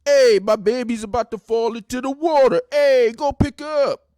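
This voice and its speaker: A man putting on a brash, shouting wise-guy voice, mocking reality TV stars. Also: very high-pitched, fairly even intonation, moderate pace, no echo, studio quality, voice pushed up. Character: loud brash male New Jersey wise guy.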